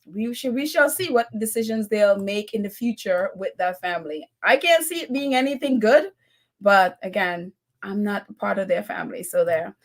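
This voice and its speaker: A woman's voice: medium pitch, normal speed. A woman hosting a live stream in a casual, chatty way, laughing often and teasing as she talks. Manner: teasing, mocking tone. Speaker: live stream host reading viewer comments.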